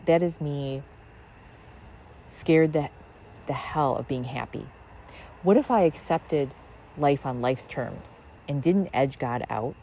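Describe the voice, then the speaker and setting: Very low-voiced woman musing in her backyard. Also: vocal fry, darkish tone, a little hiss or hum, poor audio. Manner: musing, rambling with many fillers. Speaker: podcast host. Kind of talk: reflective spiritual monologue. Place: outdoors in a backyard.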